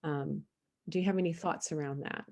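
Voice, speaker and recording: A woman's voice: sits low, steady tone, moderate pace, a little mellow. A woman moderating a panel, asking guests questions and affirming their answers. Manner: encouraging, frequent affirmations.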